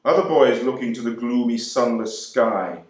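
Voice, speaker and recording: A man's voice: mid-range voice, moderate pace, close to an everyday voice. An actor as a wry, disillusioned young ex-serviceman. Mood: wry, bitter. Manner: wry, conversational address to the listener. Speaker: actor reading a novel monologue. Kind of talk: dramatic monologue reading. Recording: roomy echo.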